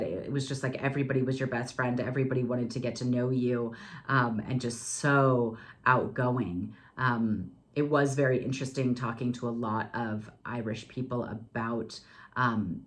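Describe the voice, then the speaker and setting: Woman, forties, Californian accent, very low pitch, outgoing, quick casual storytelling. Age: 40s. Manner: fast talker who says "like" a lot; animated, outgoing. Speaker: podcast host.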